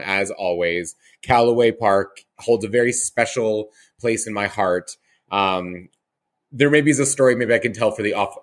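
A man from Canada hosting a podcast, chatting in a casual, enthusiastic way. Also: on the low side. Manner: chatty and enthusiastic, with many fillers and restarts. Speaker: podcast host.

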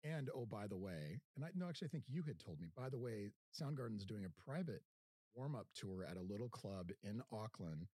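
A man hosting a podcast, telling stories in a casual, animated way and acting out the quotes. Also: on the low side, brisk, slightly rough, dry recording, studio quality. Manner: animated storyteller, acts out quotes. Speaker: podcast host. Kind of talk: casual storytelling chat.

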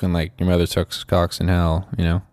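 A man with a very low voice co-hosts a loose podcast chat. He meanders through his thoughts with plenty of fillers and silly tangents. The sound is close and dry, with no room in it. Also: completely flat delivery, brisk, darkish tone, no room sound. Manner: rambling, lots of fillers and goofy bits. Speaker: podcast co-host. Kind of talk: casual chat.

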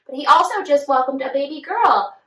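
A woman's voice: high-pitched, animated, fairly quick, bright, forceful tone. A woman co-hosting a podcast, chatting casually about celebrity gossip and filling her talk with "like". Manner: chatty, many "like" fillers. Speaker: podcast co-host. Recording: echoey room, far from mic.

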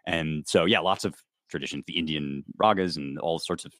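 A man's voice: extremely low pitch, moderate pace, fairly bright tone, dry recording, clean studio sound. A man in his thirties from the United States, explaining things in a casual interview with lots of fillers and restarts. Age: 30s. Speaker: guest author.

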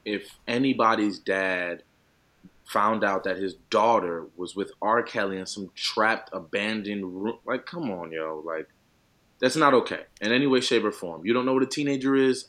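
Emphatic low-voiced man, casual chat. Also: normal speed. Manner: emphatic, animated, slangy. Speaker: podcast co-host, professional football player.

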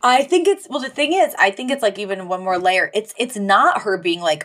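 A woman's voice: mid-range voice, normal speed. A woman co-hosting a podcast, recapping an episode in casual chat and acting out the characters' lines as she goes. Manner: animated retelling, mimics characters' lines. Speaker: podcast co-host.

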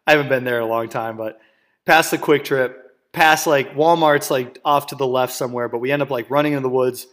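A man's voice: mid-range voice, fairly even intonation, a little fast, fairly bright tone. A man from Wisconsin hosting a podcast, telling a story casually, rambling with fillers, laughs and swearing. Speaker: podcast host and coach.

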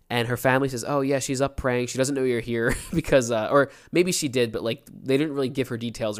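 A young man co-hosting a podcast in casual chat, telling a story with energy and acting out the quotes. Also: medium pitch. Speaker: podcast co-host.

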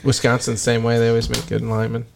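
A man's voice: mid-range voice, monotone, fast, vocal fry, a little hiss or hum. Joking, profane male podcast co-host. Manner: joking, profane, quotes himself in a voice. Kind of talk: casual chat.

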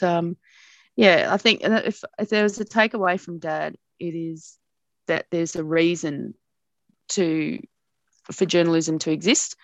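A middle-aged Australian woman, a broadcast journalist, telling stories about her past in an animated way with frequent laughs. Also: low-pitched, no room sound. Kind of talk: reminiscing in an interview.

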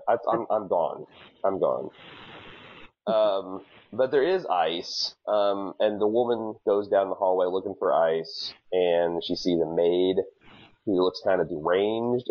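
A man's voice: low voice, highs cut off. A man co-hosting a podcast, recapping a show in casual chat with lots of restarts and jokes. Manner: animated, stammering restarts, jokey. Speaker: podcast co-host.

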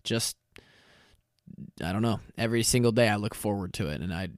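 A tired young man talks through his solo podcast in a loose, rambling way, stopping to correct himself and filling gaps with ums. His voice is smooth and clear, and it sounds close and dry with no room around it. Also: on the low side, fairly quick, no echo. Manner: rambling, self-correcting, with many fillers. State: tired and lightheaded from fasting. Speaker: podcast host. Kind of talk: casual solo podcast talk.

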